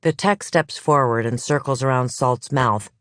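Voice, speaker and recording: An audiobook narrator reading a crime thriller in measured, even storytelling, close to the mic. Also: mid-range voice, no room sound. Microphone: close studio mic.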